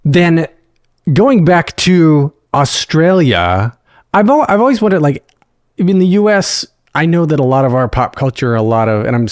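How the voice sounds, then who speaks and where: A man's voice: a little high, very animated, moderate pace, dry recording, studio quality. A man hosting a theatre podcast, asking questions in a playful way with lots of "like" and restarts. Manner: playful, laughing, many restarts and "like"s. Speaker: podcast host. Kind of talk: casual interview chat.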